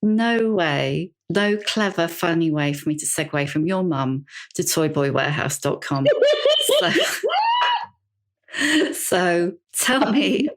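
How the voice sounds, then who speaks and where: A woman's voice: on the low side, big pitch swings, slow pace. A woman hosting a podcast, a reflective interviewer who gropes for words as she thinks. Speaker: podcast host. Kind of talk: conversational interview.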